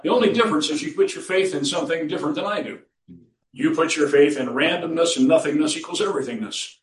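Folksy pastor in a roomy church. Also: male voice, fairly high pitch, quick pace. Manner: folksy, chuckles at his own stories. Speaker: pastor and counselor. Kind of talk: sermon with storytelling. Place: church sanctuary. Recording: roomy church recording from a distance.

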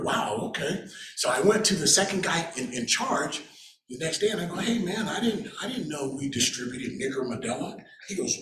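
A man's voice: a little high, a bit bright. A man giving a casual personal faith testimony, chuckling now and then and acting out what other people said. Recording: roomy echo.

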